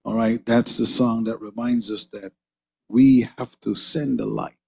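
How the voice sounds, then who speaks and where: A man's voice: mid-range voice, steady tone, a little slow, gravelly, darkish tone, breathy edge. A man preaching and praying fervently in a church, repeating "oh God" between phrases. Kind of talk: sermon and prayer. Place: church sanctuary.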